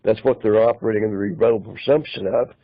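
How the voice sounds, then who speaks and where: A man's voice: on the low side, fairly even intonation, fast talker. Lecturing man on a muffled call. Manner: lecturing, cites legal articles. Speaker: caller.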